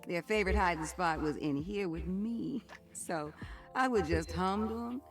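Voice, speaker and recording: A woman voicing a gossipy old household appliance in a video game, with a gravelly, teasing, knowing way of telling stories. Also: on the low side, moderate pace, faint music behind, lightly acted. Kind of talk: video game character dialogue.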